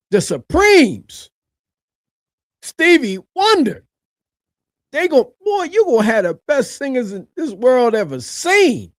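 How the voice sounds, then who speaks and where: A man giving animated reaction commentary on a video, colloquial, swinging from low mutters to loud high shouts. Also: dry recording.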